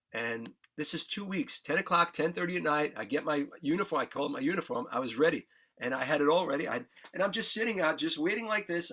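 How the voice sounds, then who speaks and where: A guest musician from New York, a man with a fairly high, sharp-toned voice, tells his story in an emotional way. He's earnest and candid, swearing freely, and he's choked up, with the emotion plainly audible.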